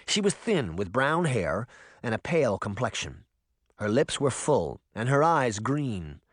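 A male audiobook narrator with a lively, well-varied melody. He keeps a steady storytelling flow, and the recording is close and dry with no room sound. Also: medium pitch, unhurried, no echo.

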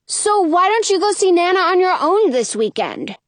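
A woman's voice: moderate pace, dry recording. A woman reading aloud voices a bold, teasing young boy who dares his older sister. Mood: taunting. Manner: taunting, high and lively.

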